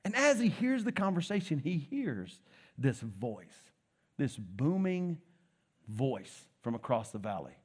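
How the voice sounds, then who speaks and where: A man's voice: mid-range voice, slow, husky. A man preaching a sermon in a church, retelling a story with jokes and casual asides. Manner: lively storytelling, joking asides.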